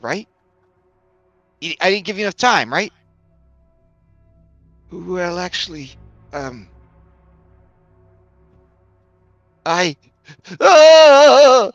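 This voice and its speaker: A man voicing a frantic, whiny reanimated taxidermy cat who stammers in a high, squeaky voice. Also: expressive, unhurried, pauses often, bright, forceful tone, dry recording, muffled recording, faint music behind, heavily acted. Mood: desperate.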